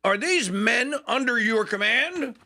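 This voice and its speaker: A tall, commanding general on horseback questions a young recruit and hands out orders, as a man acts him out in a story. The voice is bright and firm, a little raised above everyday talk. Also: very high voice, lively intonation, measured pace, voice pushed up, exaggerated voice.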